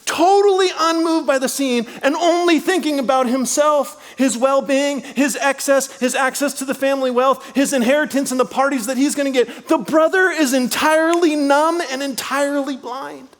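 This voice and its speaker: A middle-aged man preaching a sermon as a guest speaker, animated, swinging between loud lines and hushed asides. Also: extremely high pitch, moderate pace, hardly any pauses, in a large hall. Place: church.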